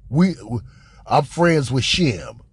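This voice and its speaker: A man giving casual, profane commentary on a recorded phone call, mocking, repetitive and animated, often laughing and coughing. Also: mid-range voice, takes it slowly, slightly rough, no room sound, studio quality. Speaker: commentator reacting to a leaked call.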